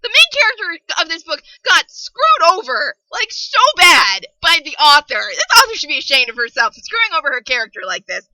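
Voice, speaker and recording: A young woman reviewing a book on a podcast, ranting in an exasperated, animated way and swearing freely. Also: very high-pitched, brisk, few pauses, no room sound, poor audio.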